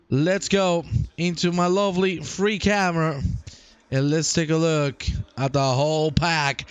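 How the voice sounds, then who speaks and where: Excitable young man, high clear voice, live-stream race commentary with viewer chat. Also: unhurried, no room sound. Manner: playful and excitable, chats with viewers. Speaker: sim racing commentator and stream host.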